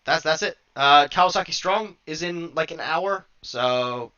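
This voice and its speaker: A man's voice: a little high, unhurried, bright, forceful tone, smooth. A man co-hosting a podcast, rambling through a wrestling review in casual chat, laughing often, swearing and getting worked up. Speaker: podcast co-host. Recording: dull lo-fi sound.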